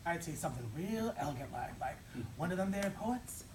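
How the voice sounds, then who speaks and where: An actor playing a timid young grocery clerk with a folksy, stammering, deferential way of talking. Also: male voice, fairly high pitch, animated, brisk, darkish tone, echoey room, far from the mic, a little hiss or hum, natural voice, low-quality recording. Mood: indignant.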